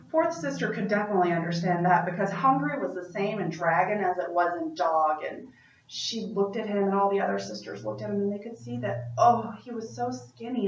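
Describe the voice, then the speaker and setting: A woman telling a story aloud as a performance, playful and chatty with asides to her listeners. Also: medium pitch. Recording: roomy, distant, dull-sounding room recording.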